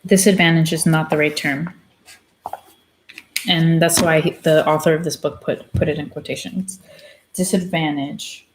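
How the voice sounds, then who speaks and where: A woman's voice: low voice, steady tone, moderate pace, slight background noise. A woman hosting her own channel, reading a book aloud and breaking off into blunt, opinionated commentary. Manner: opinionated, blunt asides between read passages. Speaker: channel host.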